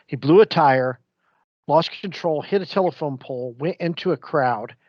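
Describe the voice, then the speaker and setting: A man, co-hosting a podcast and telling stories in casual, animated chat. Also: fairly high pitch, moderate pace, no echo, highs cut off. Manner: rambling, animated storyteller. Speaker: podcast co-host.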